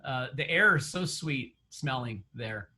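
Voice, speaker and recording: A man's voice: mid-range voice, lively intonation, unhurried, sharp tone. A man coaching real estate agents in an online session, chatty, laughing often and quizzing the audience.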